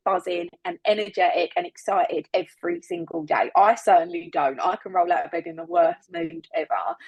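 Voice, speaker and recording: A woman's voice: medium pitch, dry recording, highs cut off. A woman leading a casual, motivational team training on a video call, chatty and upbeat, laughing often and repeating words for emphasis. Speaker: business team leader giving training.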